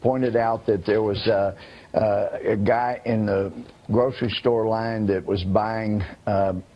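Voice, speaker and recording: A man commenting on a cable news panel, indignant and a bit halting. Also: fairly low pitch, steady tone, highs cut off.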